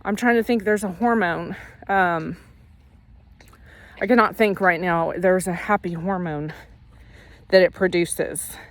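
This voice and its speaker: A woman's voice: on the low side, steady tone, a little slow, long pauses. Earnest woman giving a faith pep talk. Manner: earnest, repetitive, self-correcting; walking while talking. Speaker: faith vlogger. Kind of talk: casual motivational talk.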